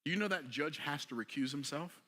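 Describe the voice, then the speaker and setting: A man preaching a motivational sermon, asking rhetorical questions in a casual, everyday way and moving between quiet passages and emphatic ones. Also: a little high, a little fast. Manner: casual vernacular delivery.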